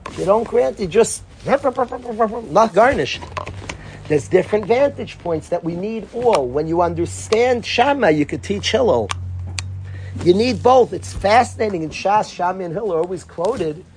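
A man, a rabbi and educator, giving an informal Torah talk as an animated storyteller who acts out dialogue. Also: high-pitched, unhurried, a little hiss or hum.

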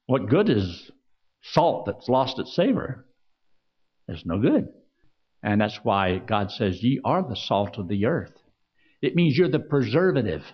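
A man's voice: medium pitch, breathy edge, muffled recording. A man preaching a sermon, asking the congregation questions and reading scripture aloud. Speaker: pastor.

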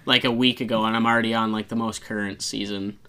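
A man's voice: fairly low pitch, little pitch movement, fast, bright, forceful tone. A man co-hosting a podcast, rambling in casual chat and laughing often. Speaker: podcast co-host. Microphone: podcast mic.

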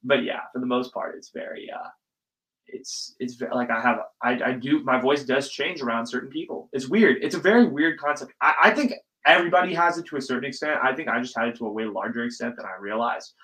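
A young man rants through a casual solo podcast with a bright, forceful voice. He is animated, jumps between topics and swears freely. His pitch sits in the middle of the male range. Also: brisk, poor audio. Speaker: podcast host.

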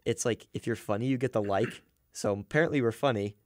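A young man co-hosting a casual sports podcast, chatty and quick to laugh, with lots of fillers. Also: mid-range voice, no room sound, clean studio sound. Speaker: podcast co-host.

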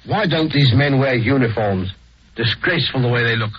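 A man's voice: mid-range voice, expressive, moderate pace, lightly acted. A prim, disapproving middle-aged Englishman with an English accent, played by a male actor, talking in a stuffy, fussy way. The recording is dull and lo-fi with faint hiss, like a 1940s radio drama. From England.

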